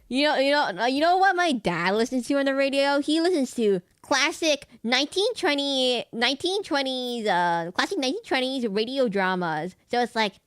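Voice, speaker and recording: A woman's voice: high-pitched, lively intonation, normal speed, few pauses, fairly bright tone, clear, resonant tone, no echo. A woman streaming a video game, chatting casually in a rambling, self-correcting way. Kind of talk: casual gameplay chat.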